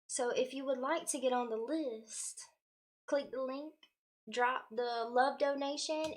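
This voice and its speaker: A young woman who hosts a spiritual livestream, chatting casually and greeting viewers warmly by name with the odd swear word. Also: sits high. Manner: casual slangy speech, swears now and then. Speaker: spiritual livestream host and card reader.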